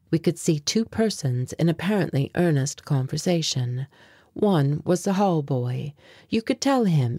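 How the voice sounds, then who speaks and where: A woman reading an audiobook in measured, reflective first-person narration. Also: sits low, mellow, no room sound, clean studio sound.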